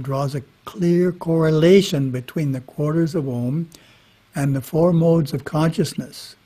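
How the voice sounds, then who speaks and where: A man giving a spiritual talk, reading scripture in a measured way with brief casual asides. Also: on the high side, warm tone, breathy edge. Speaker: monastery teacher. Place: monastery. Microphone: webinar microphone.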